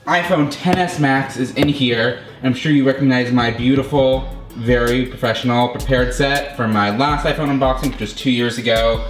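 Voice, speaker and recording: A man doing a casual unboxing vlog at home, gushing and excitable, often poking fun at himself. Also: mid-range voice, normal speed. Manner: gushing, excitable, self-mocking. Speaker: YouTuber unboxing a phone. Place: room at home. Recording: roomy echo with background music.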